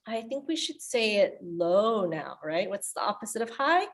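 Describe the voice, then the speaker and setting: Slow, high-voiced woman librarian. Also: big pitch swings, fairly bright tone. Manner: upbeat, speaks to young children. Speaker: youth librarian. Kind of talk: virtual children's story time.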